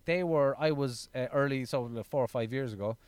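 An Irish stand-up comedian in his thirties, telling stories in a casual interview, animated and swearing freely. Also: mid-range voice, a little fast, smooth, no echo. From Ireland. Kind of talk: casual storytelling in a podcast interview.

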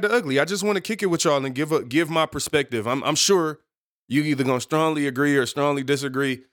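A man's voice: medium pitch, fairly bright tone, no echo, studio quality. Chatty man hosting a solo podcast. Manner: rambling, self-correcting, playful asides. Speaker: podcast host. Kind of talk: casual solo podcast talk.

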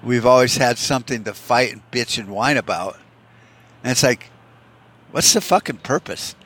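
Podcast host, man, bright edgy tone, rambling profane rant. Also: mid-range voice, normal speed, slightly rough. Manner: profane, ranting, heavy use of "you know". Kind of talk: rambling solo monologue.

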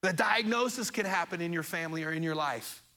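Bright-voiced, earnest male pastor. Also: on the high side, fairly quick. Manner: earnest, conversational, repeats words as he restarts. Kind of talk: sermon. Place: church auditorium.

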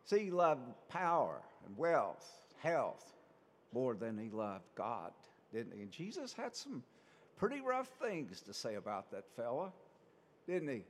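A man's voice: fairly high pitch, very animated, measured pace, long reverb tail. A man, a priest, giving a conversational sermon full of rhetorical questions.

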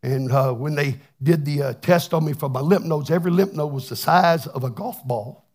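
A man's voice: a little high, moderate pace, darkish tone. A man preaching a plainspoken, folksy testimony sermon, often repeating words as he restarts. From Texas. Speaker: pastor.

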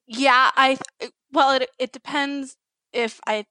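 A woman guest-hosting a podcast in casual chat, giggly and animated as she tells stories. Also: sits high, slow pace, clean tone, no room sound. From Chicago area. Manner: giggly, chatty, animated storytelling. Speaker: guest co-host.

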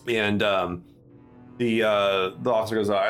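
A man's voice: fairly low pitch, level tone, unhurried, fairly bright tone, soft background music. A man running a tabletop game as game master, talking loosely with many fillers and restarts. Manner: rambling, full of fillers and restarts.

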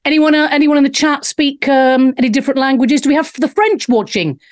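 A woman's voice: high voice, a little fast. Cheeky woman hosting a live stream. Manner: cheeky, bawdy, reading out chat comments. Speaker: show host. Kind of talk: casual live-stream chat.

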